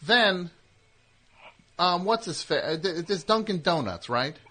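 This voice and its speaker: A man's voice: sits high, animated, pushed and bright. A man hosting a call-in radio show, teasing callers and rambling through stories. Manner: teasing, rambling, quick back-and-forth. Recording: radio broadcast.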